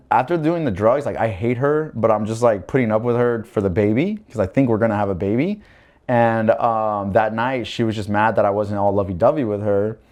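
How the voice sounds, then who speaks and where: A young man, a podcast guest telling a personal story casually, with lots of fillers and acted-out quotes. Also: fairly low pitch. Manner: animated storytelling, acting out quoted voices, many fillers.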